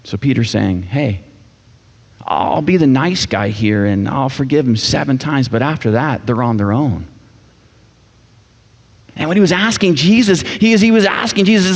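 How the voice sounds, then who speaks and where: A man's voice: mid-range voice, expressive, moderate pace, long pauses. Guy preaching, jokey and laid back, dull sound, big echoey church. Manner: casual, joking preacher voicing characters. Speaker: pastor. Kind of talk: sermon. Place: church sanctuary.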